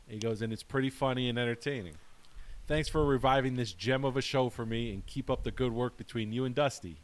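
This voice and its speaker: A man hosting a casual podcast, talking haltingly with many fillers and restarts. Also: mid-range voice, slight background noise. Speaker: podcast host.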